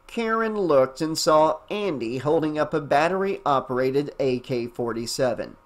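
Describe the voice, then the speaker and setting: Speaking in a mid-range, animated, unhurried voice, this narrator reads a fan novel aloud before becoming the channel's host for an eager, chatty wrap-up full of fillers.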